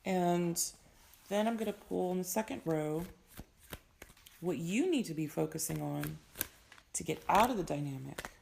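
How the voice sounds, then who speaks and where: Hoarse low-voiced woman reading tarot. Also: lively intonation, unhurried, pauses often, background noise. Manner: earnest, advising, frequent fillers. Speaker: tarot reader. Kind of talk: casual spoken tarot reading.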